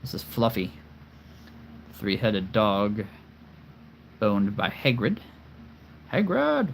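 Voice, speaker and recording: Slow-talking enthusiastic man, low voice. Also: fairly even intonation, a little hiss or hum, poor audio. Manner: enthusiastic, repeats phrases, chuckles often. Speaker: host showing his toy figure collection. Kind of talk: casual livestream chat.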